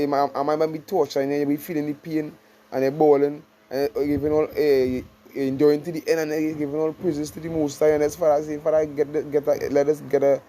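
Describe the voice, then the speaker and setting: A man giving an informal scripture study sermon, reading verses slowly, then explaining in loose, repeated phrases. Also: fairly high pitch, warm tone, poor audio. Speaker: scripture teacher.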